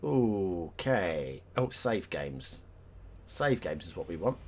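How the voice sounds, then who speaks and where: Slow, lively-voiced male streamer. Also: low-pitched, a little hiss or hum. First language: not English. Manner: chatty, laughing, thinks aloud to chat. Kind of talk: live game stream chat.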